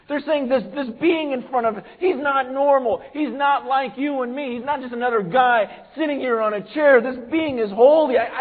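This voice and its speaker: A fervent male pastor in the middle of a sermon, with a noticeably high voice. He builds to loud, urgent peaks, then drops into hushed storytelling, often doubling words as he starts over. The sound is thin and narrow, as if it came through a phone.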